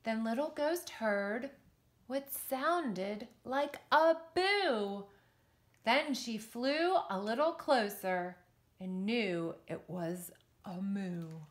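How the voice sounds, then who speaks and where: A woman teacher reading a picture book aloud to children in an expressive, sing-song, encouraging way. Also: on the high side, extremely slow. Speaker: children's yoga and story teacher.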